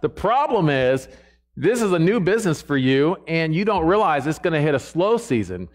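A man's voice: fairly high pitch, very animated, moderate pace. A man preaching a sermon to a church congregation in a conversational way, often checking in with the listeners.

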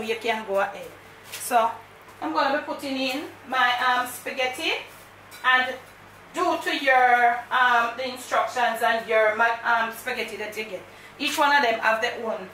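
Jamaican woman cooking host: bright, fairly high voice, chatty and direct, patois mixed in; recorded from across a kitchen. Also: reverberant, far from the mic, a little hiss or hum, poor audio. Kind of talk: casual cooking vlog. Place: home kitchen.

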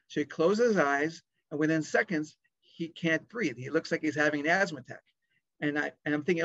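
Fifty-something male doctor, animated storyteller, muffled lo-fi sound. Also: fairly high pitch, fairly quick, dry recording. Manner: animated storyteller acting out dialogue. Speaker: pediatric lung doctor. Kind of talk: storytelling talk. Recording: dry, dull lo-fi sound.

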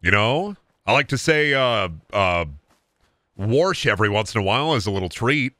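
A man's voice: fairly low pitch, lively intonation, a little fast, sharp tone, no room sound, studio quality. A man in his late twenties from Iowa with a Midwestern accent, rambling crudely and joking through a casual game stream, tired from little sleep. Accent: Midwestern American. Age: 20s. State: sleep-deprived. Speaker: gaming streamer. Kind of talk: casual livestream commentary.

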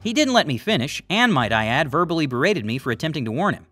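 A man voicing a young male store clerk who speaks quietly and matter-of-factly. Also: on the high side, very animated, fast talker, dry recording, faint music behind, exaggerated voice. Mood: dry. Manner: quiet, dry, matter-of-fact.

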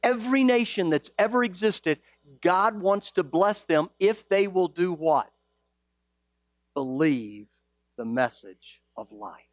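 A male pastor preaching a sermon, animated and teasing, full of rhetorical questions. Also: sits high, slow, dry recording, clean studio sound.

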